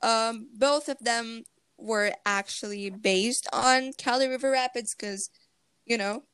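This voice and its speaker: A woman's voice: a little high, slow, fairly bright tone, smooth, dry recording. A woman chatting casually about theme park rides over a video call, rambling and giggly. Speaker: presenter.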